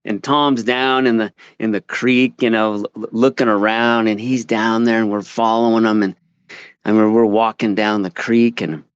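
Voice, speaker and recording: A man telling a casual story over a call from outdoors, rambling with many halting restarts. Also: fairly low pitch, steady tone, smooth, dry recording, dull audio. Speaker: caller sharing a story. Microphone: call audio.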